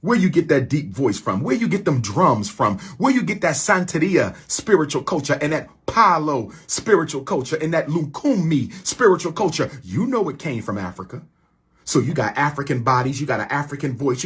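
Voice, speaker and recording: A man's voice: medium pitch, animated, a little fast, breathy edge. A man delivering an impassioned, preachy rallying address to his followers, repeating his lines for emphasis. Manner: preachy, repetitive call-and-response phrasing.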